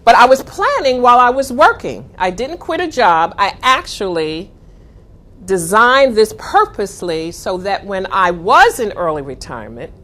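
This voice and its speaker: A middle-aged woman giving a motivational talk, telling a story with dramatic pauses. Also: mid-range voice, very animated, fairly bright tone. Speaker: speaker.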